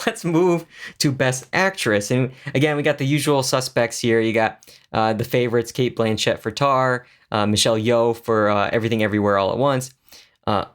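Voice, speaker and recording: A man's voice: mid-range voice, clear, resonant tone. A man co-hosting a podcast in casual chat, jokey and chatty with many fillers. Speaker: podcast co-host.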